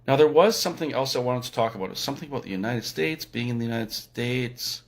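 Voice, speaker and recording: A Canadian man talks through a casual livestream from a hotel room. He is opinionated and blunt, and he leans hard on his points with a sarcastic edge. His voice sits at an ordinary middle pitch for a man. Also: fast talker. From Alberta, Canada. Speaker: livestream host.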